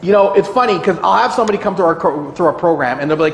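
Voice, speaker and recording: This man's gravelly voice drives an energetic motivational presentation at a realty kickoff meeting, where he's the guest speaker. He keeps asking "right?" and mimics anxious clients in fast, high bursts. The meeting room echoes, with slight background noise.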